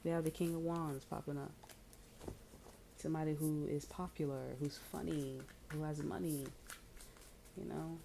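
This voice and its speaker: A woman's voice: deep voice, steady tone, normal speed, gravelly, pauses often, noisy background. A woman giving a casual tarot reading. She talks bluntly and chattily, with frequent swearing and many fillers. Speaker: tarot reader.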